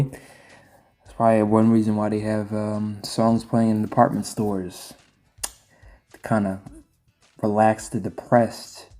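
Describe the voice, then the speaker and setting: A man's voice: fairly low pitch, a little mellow. A young man giving a casual, rambling spoken movie review, full of restarts and offhand asides. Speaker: film reviewer.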